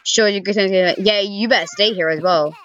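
A woman's voice: medium pitch, normal speed, fairly bright tone, dull audio. A young woman giving casual let's-play commentary, chatting to the characters in her game with sighs and groans. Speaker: gaming YouTuber. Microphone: desk microphone.

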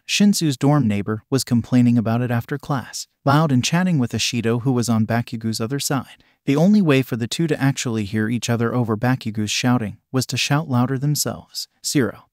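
A man reading a fanfic story aloud in an even, plain way. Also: mid-range voice, no echo, clean studio sound. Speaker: narrator.

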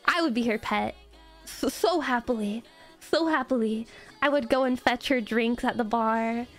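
A woman with a high, bright voice, chatting on a casual live stream. She gushes and giggles as she tells her story, with soft music faintly underneath. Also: measured pace. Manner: giggly, gushing storytelling with frequent laughs. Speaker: VTuber streamer.

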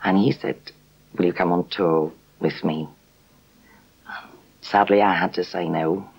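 Husky gravelly-voiced woman reminiscing. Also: very deep voice, fairly even intonation, a little slow, muffled recording. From England. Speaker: interviewee recalling a past meeting. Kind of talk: reminiscing interview.

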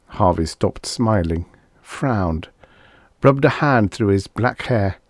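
A man narrating a vintage science fiction story aloud in an expressive, lilting storytelling manner. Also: sits low, measured pace, no echo, clean studio sound. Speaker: audiobook narrator. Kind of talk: scripted narration.

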